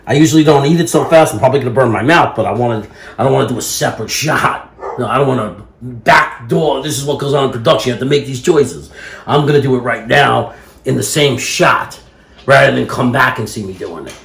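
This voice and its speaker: A man's voice: medium pitch, brisk, gravelly, fairly bright tone. A man chatting casually in a rambling, self-amused way while cooking at home. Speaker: home cook vlogger. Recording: echoey room.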